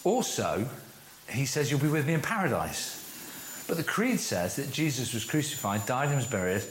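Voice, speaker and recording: A man leading a church course, giving a teaching talk to a group and slowing down to stress key phrases. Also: mid-range voice, very animated, a little hiss or hum. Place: room with a live audience. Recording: echoey room.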